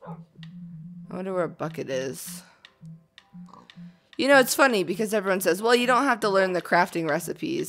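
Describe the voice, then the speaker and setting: A young woman casually commenting on her own gameplay, chatty and excitable, chattering to herself and to the game animals. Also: lowish voice, gravelly. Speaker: gaming video host.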